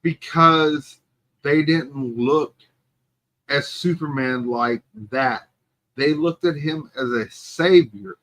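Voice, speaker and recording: A man's voice: a little high, slow pace, fairly bright tone, rough recording. A man co-hosting a podcast, debating a movie in casual chat and pressing his point. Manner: emphatic, argues his point. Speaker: podcast co-host.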